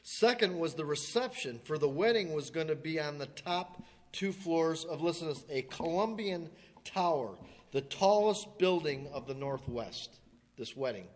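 A man preaching, telling a story in a folksy way, stammering now and then and clearing his throat as he acts out the people in it. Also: a little high, lively intonation, normal speed. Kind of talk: sermon illustration storytelling. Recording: long hall reverb.

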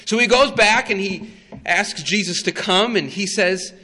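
A male preacher retelling a story in a sermon, dramatic and emphatic with long pauses. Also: high voice, sharp tone, in a large hall.

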